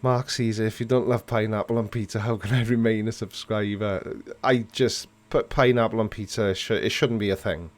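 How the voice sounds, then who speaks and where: A man's voice: fairly low pitch, fairly even intonation, brisk, few pauses. A man hosting a casual live chat with viewers, answering their comments playfully and pulling mock disgust. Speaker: livestream host.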